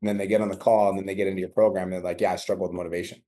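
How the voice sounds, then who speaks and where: A man's voice: low-pitched, flat delivery, very fast, mellow. A man running a coaching call, blunt and profane, acting out little exchanges as he talks. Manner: blunt, profane, acts out dialogue. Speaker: business coach.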